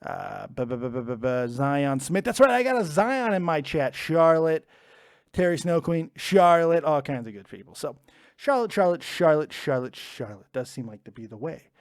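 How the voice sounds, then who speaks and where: A man's voice: on the high side, animated, moderate pace, dry recording, clean studio sound. A man hosting a live wrestling prediction stream from home, chatty and joking as he reads out the chat. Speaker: wrestling show host.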